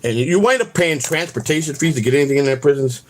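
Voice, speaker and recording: A man's voice: on the high side, animated, fast talker. A middle-aged man hosting a live stream, chatting in a loose, profane and rambling way. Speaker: channel host. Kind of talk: casual live-stream chat.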